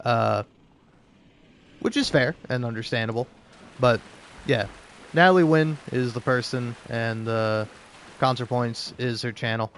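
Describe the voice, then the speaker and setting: A young man musing aloud while playing a game, halting and rambling with frequent filler words and restarts. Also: mid-range voice, a bit bright, a little hiss or hum. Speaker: gaming video creator.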